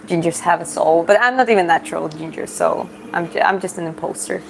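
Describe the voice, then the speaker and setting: A woman from Georgia with a Georgian accent, a livestream host and fitness coach answering chat questions in a relaxed, chatty way, often searching for words. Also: lowish voice, fairly quick, vocal fry, a little hiss or hum, rough recording.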